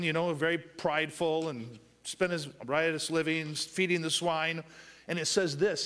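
High-voiced preacher swinging from loud to hushed. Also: male voice, normal speed. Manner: asks the congregation to finish verses with "what?"; swings between loud raised passages and hushed soft asides. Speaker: pastor. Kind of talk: sermon.

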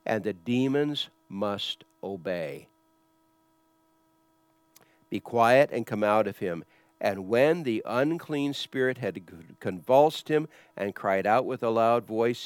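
A man's voice: mid-range voice, a little mellow, smooth, no echo. A pastor explaining scripture in a conversational sermon, asking rhetorical questions as he teaches. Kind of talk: expository sermon.

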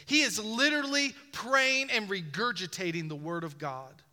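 With hardly any pauses and at a moderate pace, a male pastor delivers a sermon in a very bright, high voice. He hammers his message with repetition and mounting emphasis, and the hall around him rings with long reverb.

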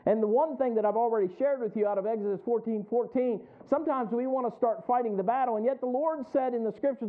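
A man's voice: extremely high pitch, quick pace, hardly any pauses. A man preaching a sermon in a folksy way, quoting scripture and acting out the voices of worried churchgoers. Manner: folksy, acts out the congregation's inner voices; laughs often between lines. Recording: tinny phone-like sound.

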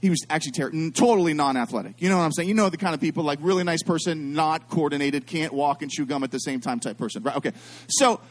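A middle-aged man preaching a sermon as a pastor, animated and repetitive, calling on the congregation to answer him. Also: on the high side, quick pace.

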